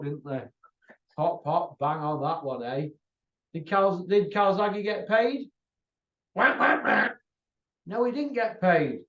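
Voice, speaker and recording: A high-voiced man rants and taunts in a combative, repetitive way. His voice sits off the mic in an echoey room. The recording sounds dull and lo-fi. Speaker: channel host. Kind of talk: ranting monologue to camera. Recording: roomy, distant, dull lo-fi sound.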